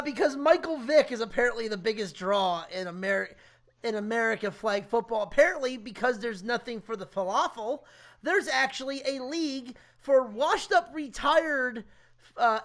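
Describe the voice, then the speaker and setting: Woman, podcast co-host, slightly high voice, relaxed, offhand, casual chat. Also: moderate pace. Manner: relaxed, offhand news rundown.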